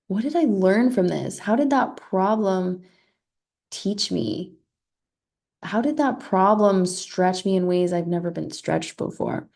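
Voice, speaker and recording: An earnest woman in her thirties talking as a life coach. Her voice is mellow and dark, with a gravelly fry at the ends of phrases. She circles back on her words and keeps checking in with a quick "right?". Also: mid-range voice, lively intonation. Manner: earnest, repeats words, asks rhetorical "right?". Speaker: podcast host and life coach. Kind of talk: reflective motivational talk.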